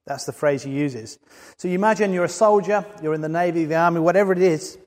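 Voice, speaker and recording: A man's voice: on the high side, fast talker, a little mellow. A man preaching a sermon in an earnest way, building to emphatic peaks. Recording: long hall reverb.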